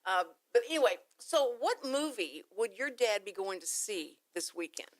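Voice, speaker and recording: A woman's voice: medium pitch, big pitch swings, moderate pace, dry recording. Bubbly woman hosting talk radio. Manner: bubbly, laughs often, rambling asides. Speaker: radio talk show host.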